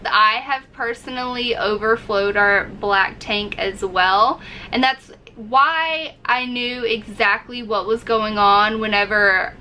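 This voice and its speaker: A woman's voice: on the high side, slow pace, sharp tone, a little hiss or hum, poor audio. A woman vlogger casually telling a story to camera, acting out her own reactions as she goes. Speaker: RV-living vlogger.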